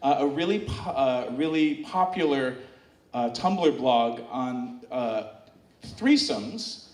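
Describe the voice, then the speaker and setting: A man telling a comic story live on stage, chatty and full of fillers and restarts, bantering with the audience and getting them to shout answers back. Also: mid-range voice, animated, slow, distant mic. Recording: echoey room, heard from off-mic.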